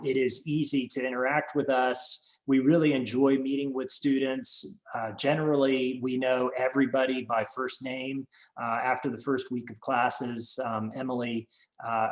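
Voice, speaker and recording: A man's voice: mid-range voice, rough recording. A man, a French professor, speaking in a webinar on a video call, with many fillers and restarts. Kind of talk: webinar talk.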